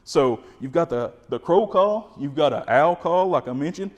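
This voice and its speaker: A man's voice: fairly high pitch, normal speed, big-room sound, dull audio. Folksy Kentucky man teaching turkey calls. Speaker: wildlife information specialist. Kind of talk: instructional explanation.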